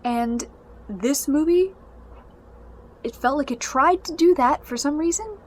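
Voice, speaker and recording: A woman's voice: high-pitched, a little slow, darkish tone. A young woman giving a casual, exasperated spoken review of a book and its movie adaptation. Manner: exasperated, ranting.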